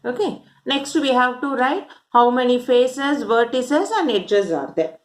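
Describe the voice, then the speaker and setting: A woman with a fairly high, lively voice teaches maths at a measured pace. She takes the class through the problem step by step, counting aloud and tossing in rhetorical questions.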